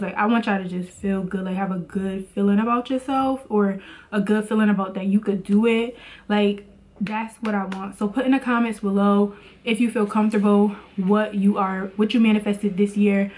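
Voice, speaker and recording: A woman's voice: medium pitch, a little mellow. A woman vlogging in a casual motivational talk about faith, chatty and preachy, with lots of "like".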